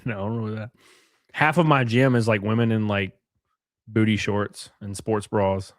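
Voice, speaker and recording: A man's voice: on the low side, fairly even intonation, measured pace, no echo, studio quality. Crude joking man streaming. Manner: crude, joking, laughs often. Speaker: livestream host. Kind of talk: casual live-stream chat reading viewer comments.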